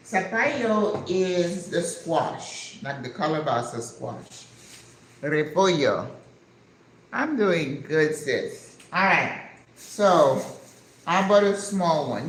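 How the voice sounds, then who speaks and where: A chatty woman in her sixties from the United States, talking at an unhurried pace in a casual home vlog. Her voice rings in an echoey kitchen with faint background noise. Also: lowish voice. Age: 60s. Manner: chatty, enthusiastic, sprinkles in Spanish words. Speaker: vlogger.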